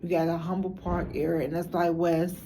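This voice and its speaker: A woman with a Chicago accent rambles frankly about her city in loose street slang. Her voice sits low and carries a gravelly edge, with a mellow, dark tone, and a faint hiss runs underneath. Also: level tone, a little fast. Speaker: documentary interviewee. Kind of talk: casual talk to camera.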